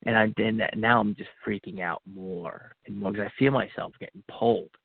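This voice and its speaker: A lowish, gravelly male voice comes through a thin, phone-like line with no room sound at all. He tells a personal story in earnest, breaking into the words he said to himself as if reliving them. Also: steady tone, moderate pace, no room sound. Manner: earnest, acts out his own inner dialogue. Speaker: podcast guest. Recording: tinny phone-like line, dry.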